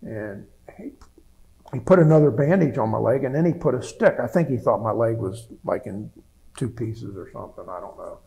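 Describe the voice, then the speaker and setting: A man's voice: medium pitch, expressive, moderate pace, creaky, warm tone, low-quality recording. A man in his seventies, a veteran giving an oral history interview, telling his story plainly with frequent restarts and repeated words. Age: 70s.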